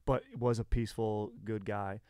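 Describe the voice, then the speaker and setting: A man's voice: lowish voice, little pitch movement, moderate pace, mellow, smooth, no echo, clean studio sound. A man co-hosting a podcast, chatting casually about history in a laid-back, rambling way with fillers and swearing. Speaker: podcast co-host.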